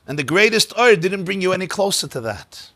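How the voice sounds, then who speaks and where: A rabbi teaching a class on mystical texts in a synagogue, emphatic and animated, repeating words for stress and mixing in Hebrew and Yiddish terms. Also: male voice, sits high, brisk, dry recording.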